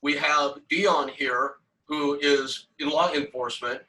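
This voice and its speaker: A man's voice: a little high, fairly even intonation, slow, bright, forceful tone, low-quality recording. A man hosting a live stream interview, friendly and upbeat with his guests over a video call. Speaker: host.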